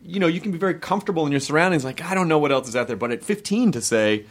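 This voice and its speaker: Animated, laughing male podcast host. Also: on the high side, very fast. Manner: animated, laughs often, restarts phrases. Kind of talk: casual chat.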